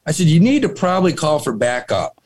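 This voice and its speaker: Animated man telling a wild story. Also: a little high, fairly quick, slightly rough. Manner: animated, swearing, laughing storyteller. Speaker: podcast co-host. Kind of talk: casual storytelling.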